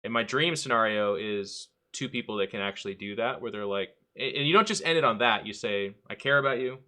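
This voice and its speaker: A man's voice: on the low side, expressive, brisk, sharp tone. A man hosting a podcast in casual chat, candid and rambling, often acting out quoted dialogue. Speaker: podcast host.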